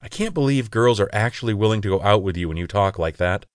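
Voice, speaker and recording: A man's voice: lowish voice, expressive, fast, dry recording, natural voice. A man voicing a self-conscious young gay man who answers a friend in dry, defensive retorts.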